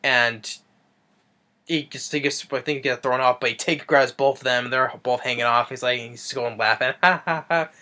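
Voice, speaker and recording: A man talks through a film recap in a loose, rambling way, stacking up ums and restarting his sentences. His voice is bright and forceful, sitting at a middling pitch. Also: little pitch movement, moderate pace. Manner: rambling, full of fillers and restarts. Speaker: movie reviewer. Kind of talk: casual movie recap.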